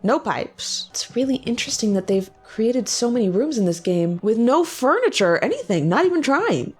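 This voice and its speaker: Excitable woman joking through a game. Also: a little high, slightly rough, soft background music. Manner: excitable and joking, quick exclamations. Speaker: gaming video creator. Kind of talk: casual gameplay commentary.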